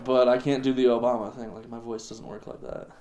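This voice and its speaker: A man's voice: medium pitch, flat delivery, brisk, darkish tone. Man teasing with joking questions. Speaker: podcast guest. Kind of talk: casual chat.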